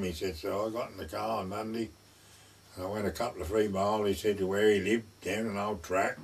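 Brief: old man, husky voice, recorded at a distance. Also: fairly low pitch, fairly even intonation, a little fast. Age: older. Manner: rambling, full of "I said, he said". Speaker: interviewee. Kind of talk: telling an anecdote.

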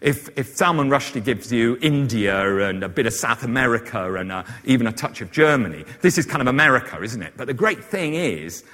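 Man, lecturer, chatty, rambling asides, mid pitch, long hall echo. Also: animated, a little fast, few pauses, pushed and bright. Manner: chatty, many fillers and asides. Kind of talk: informal literary lecture.

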